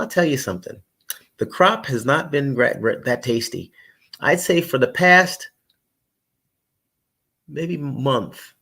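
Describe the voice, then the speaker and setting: A man's voice: medium pitch, creaky, fairly bright tone, slightly rough. A middle-aged man hosting a live stream, chatting casually in a rambling way, repeating himself and greeting viewers by name. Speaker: livestream host.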